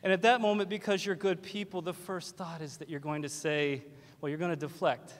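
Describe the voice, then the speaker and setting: A man's voice: a little high, fairly even intonation, brisk. A man from West Virginia, a teacher giving a graduation speech with wry, self-deprecating humor. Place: large hall at a graduation ceremony. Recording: long hall reverb.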